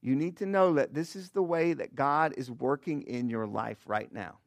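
A man's voice: mid-range voice, normal speed, gravelly, dry recording. A man, a pastor, giving a sermon in a conversational way with frequent "all right?" and "okay?" asides, and praying earnestly. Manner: earnest prayer.

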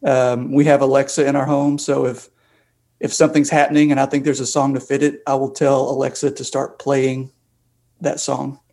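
A man in a casual podcast chat, talking quickly and laughing easily. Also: medium pitch, little pitch movement, mellow.

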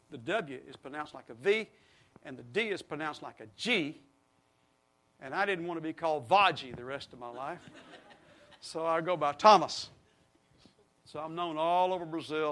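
A man's voice: a little high, a bit bright. A middle-aged man preaching a sermon, leading the congregation in call-and-response. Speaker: pastor.

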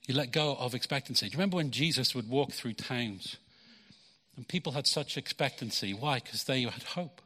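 A man preaches in a lively, conversational way, slipping into voices for the people in his stories. His tone is bright and forceful. The sound rings out with the long tail of a big hall. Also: mid-range voice. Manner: conversational preaching, acts out quotes, repeats words. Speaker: pastor. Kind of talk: sermon. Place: church hall.

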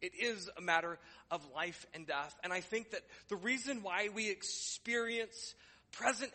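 A man's voice: high voice, measured pace, bright, forceful tone, big-room sound. A man preaching a sermon as pastor in a church, conversational and joking, building to emphatic declarations. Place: church sanctuary.

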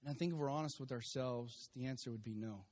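A man's voice: medium pitch, fast, a little mellow. A man in his forties preaching a sermon as pastor, emphatic, repeating refrains and laughing at times, recorded in a church. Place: church sanctuary with congregation. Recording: long hall reverb.

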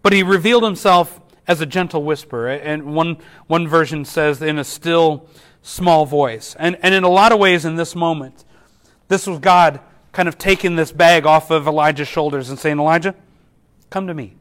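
Male pastor, high-pitched voice, earnest sermon delivery with frequent restarts. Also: moderate pace. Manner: earnest, repeats words at restarts, drops softly for quoted whispers.

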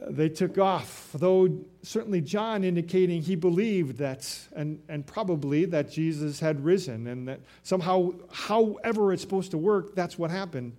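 A man's voice: on the high side, warm tone. A male pastor preaching a Sunday sermon, retelling scripture in his own words with frequent restarts.

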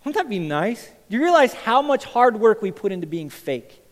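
A male pastor preaching a sermon to a congregation. He moves from loud, emphatic lines to quiet, intense ones. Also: high-pitched, very animated, normal speed. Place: church sanctuary. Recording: church hall with long reverb.

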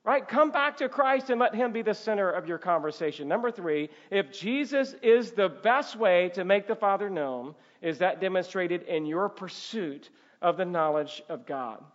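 A man preaching a sermon as pastor, emphatic, swelling to loud calls and dropping to quiet asides, ending in prayer. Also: high voice, animated, normal speed, highs cut off. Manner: emphatic preaching, rising and falling in force, with a closing prayer.

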